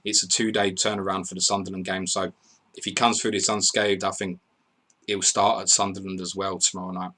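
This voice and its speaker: A man hosting a live stream, chatting casually, reading out score updates and viewer messages in an excitable way. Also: low voice, a little fast. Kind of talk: casual live commentary and chat.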